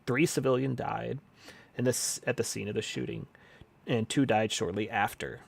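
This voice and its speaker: A man's voice: mid-range voice, fairly even intonation, moderate pace, creaky, husky. A man streaming casually, reading history passages aloud and muttering asides and swears while he types notes. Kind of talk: casual live-stream reading and note-taking.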